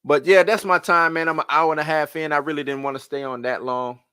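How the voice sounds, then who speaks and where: A man's voice: a little high, fast, smooth, dry recording, clean studio sound. Slangy man ranting on a livestream. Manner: animated, loose slangy talk with repeats. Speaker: live stream host. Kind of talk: casual live-stream rant.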